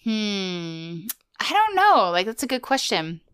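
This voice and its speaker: A woman's voice: mid-range voice, sing-song, takes it slowly, fairly bright tone, smooth. A woman co-hosting a podcast in casual chat, talking loosely with lots of "like" and "um". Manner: chatty, peppered with "like" and "um". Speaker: podcast co-host. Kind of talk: casual chat recapping a cartoon.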